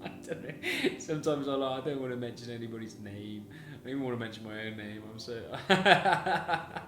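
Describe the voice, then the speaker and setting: A man's voice: mid-range voice, fast, darkish tone, roomy sound, faint music behind. A man telling his own story on a podcast in a chatty way, laughing often between sentences and swearing casually. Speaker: podcast host.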